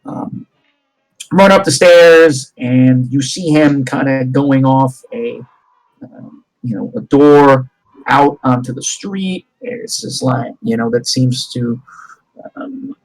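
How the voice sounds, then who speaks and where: A man's voice: medium pitch, lively intonation, takes it slowly, low-quality recording. A man narrating a tabletop game as game master, rambling with restarts. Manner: rambling, many fillers and restarts.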